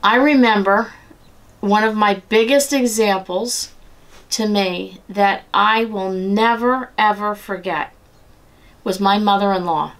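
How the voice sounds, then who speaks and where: Earnest middle-aged woman sharing devotion. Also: medium pitch. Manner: earnest, conversational, testimony-like; slows and softens on scripture. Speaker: devotional speaker. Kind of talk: personal devotional talk.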